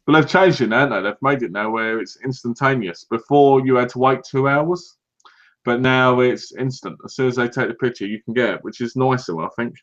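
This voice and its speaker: A British man co-hosting a casual podcast, telling lively anecdotes and acting out what other people said. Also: mid-range voice, a little fast. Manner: animated anecdotes, acts out other people's lines. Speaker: podcast co-host. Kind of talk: casual chat, storytelling. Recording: dull lo-fi recording.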